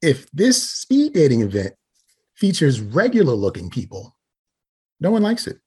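A man's voice: a little high, huge pitch swings, normal speed, a little mellow, slightly rough. A man co-hosting a casual comedy chat, arguing his opinions bluntly and ranting. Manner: opinionated, makes blunt arguments and rants.

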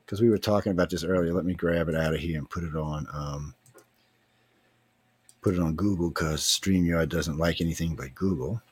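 A man's voice: sits low, fairly even intonation, moderate pace, slightly rough, no echo. Joking, chatty man with a Louisiana accent. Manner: loose, joking, chatty with laughter. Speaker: podcast host. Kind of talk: casual livestream chat.

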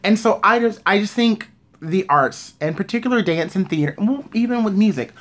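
A woman's voice: medium pitch, lively intonation, moderate pace. A woman who teaches dance, telling a story in a casual chat with many "like"s.

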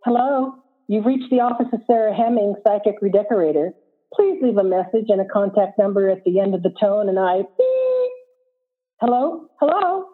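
A woman's voice: a little high, husky. A woman reading aloud as a young, sincere psychic woman with a lilting, pleasant manner, over a tinny phone-like line. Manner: lilting, pleasant, a bit indignant.

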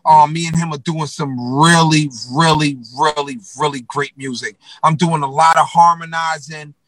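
A man's voice: fairly high pitch, fairly even intonation, moderate pace, a bit bright, no echo, low-quality recording. A man from New York telling stories as a guest rapper in a casual interview, slangy and profane with many fillers.

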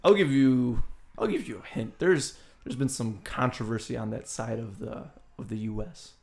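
Teasing, profane podcast quizmaster. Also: male voice, mid-range voice, moderate pace, gravelly, darkish tone. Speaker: podcast co-host running a band quiz. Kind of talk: casual podcast chat.

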